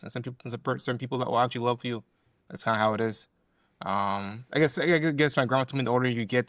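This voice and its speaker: A man's voice: mid-range voice, a bit bright, no echo, clean studio sound. Blunt young man in his twenties. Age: 20s. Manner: blunt, rambling, frequent fillers. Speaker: podcast co-host. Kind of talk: casual podcast conversation.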